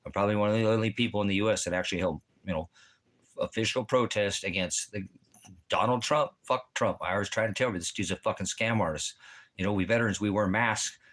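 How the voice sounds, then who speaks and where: A man with a somewhat low voice holds forth in a crude, swearing monologue. He rambles and circles back on himself, agitated and repetitive throughout. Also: quick pace, fairly bright tone. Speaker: vlogger. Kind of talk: profane ranting monologue.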